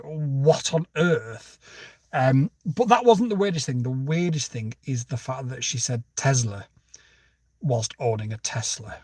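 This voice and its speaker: A man's voice: a little high, no echo. Chatty man on a dry, distant mic. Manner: chatty, wry storytelling with sudden animated outbursts. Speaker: livestream host. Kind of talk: casual live chat reading viewer comments. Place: home studio.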